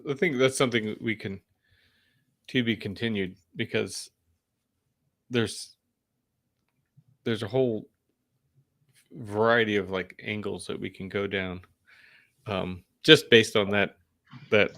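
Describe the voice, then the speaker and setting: A man co-hosting a podcast in casual chat, relaxed and thoughtful with some fillers. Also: fairly low pitch, slow, gravelly, pauses often. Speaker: podcast co-host.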